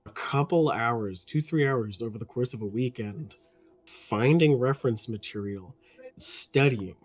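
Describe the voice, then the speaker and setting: A man's voice: medium pitch, unhurried. A voice actor on a panel, joking in a self-deprecating way about his attempts at accents. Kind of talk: casual panel discussion.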